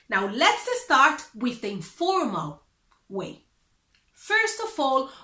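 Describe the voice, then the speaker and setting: Upbeat woman language teacher, very animated and unhurried, in a roomy space. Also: high voice. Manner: upbeat, careful, explains slowly. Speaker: Spanish teacher. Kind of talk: beginner language lesson.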